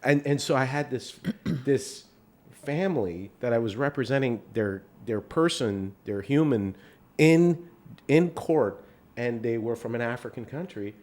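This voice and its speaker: A man's voice: mid-range voice, lively intonation, measured pace, darkish tone. A man from Iran whose first language is Farsi, co-hosting a podcast in an easygoing way and often restarting his sentences. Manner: easygoing, restarts and trails off while thinking. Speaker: podcast co-host, lawyer. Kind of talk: casual conversation.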